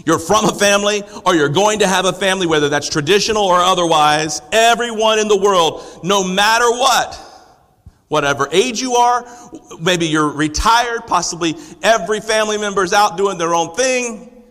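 A man delivers a sermon in a high, bright voice. He presses the congregation with rhetorical questions and rises to emphatic declarations. The sanctuary gives a long, ringing reverb. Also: normal speed. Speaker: pastor. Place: church sanctuary.

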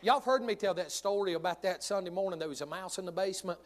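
A male pastor preaching a sermon, telling humorous stories in an animated way. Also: sits high, fast.

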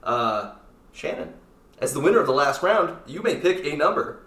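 A man's voice: on the high side, sing-song, fairly bright tone, recorded from a distance. A man hosting a casual podcast and running a quiz game, playful and jokey. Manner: playful, jokey, quick asides. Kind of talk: casual chat. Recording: echoey room, off-mic.

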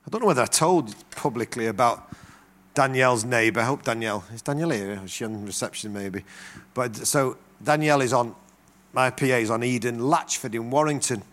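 A man's voice: medium pitch, fairly quick. A middle-aged man preaching a sermon, telling stories and acting out the voices of the people in them. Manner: animated storytelling with acted-out quotes.

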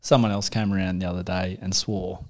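A man's voice: sits low, level tone, brisk, a little mellow. A man co-hosting a podcast, joking and poking fun at himself in a casual chat. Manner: joking, self-mocking. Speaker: podcast co-host.

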